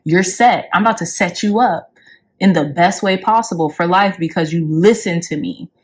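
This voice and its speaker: A woman's voice: on the low side, normal speed, close to an everyday voice. A woman voicing a knowing spirit guide in a pleased, reassuring way during a tarot reading.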